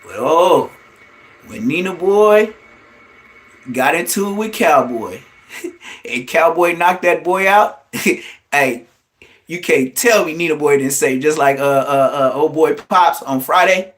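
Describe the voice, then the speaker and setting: A man hosting a livestream, giving blunt, profane, trash-talking commentary in an excitable way. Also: on the high side, slow pace. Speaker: livestream host.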